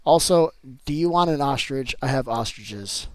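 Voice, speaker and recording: A man's voice: medium pitch, lively intonation, moderate pace, a little mellow, clean tone, no echo. A man chatting casually with viewers on a live game stream, answering chat and repeating himself as he talks.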